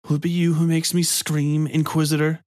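A man's voice: fairly high pitch, little pitch movement, normal speed, a little mellow, no echo, clean studio sound, voice pushed up, natural voice. A man voicing a sly, provocative village priest who taunts in a hissing, insinuating way. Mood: taunting.

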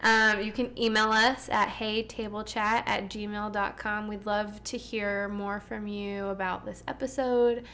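A woman's voice: medium pitch, flat delivery, a little slow, few pauses, sharp tone. A woman co-hosting a casual podcast, chatty and giggly as she reads out how to reach the show. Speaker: podcast co-host. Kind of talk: casual chat.

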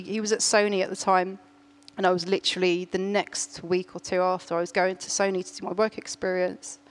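A middle-aged woman, telling a story in a casual chat, animated, laughing often and restarting her sentences. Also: mid-range voice.

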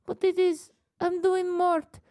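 A man putting on a goofy mock-German accent, halting and silly. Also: extremely high pitch, completely flat delivery, warm tone, pitched above the performer's own voice.

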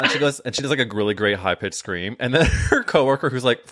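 A man's voice: medium pitch, animated, quick pace, fairly bright tone, no echo, studio quality. A man hosting a podcast in casual, playful chat, often laughing and acting out little scenes. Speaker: podcast host.

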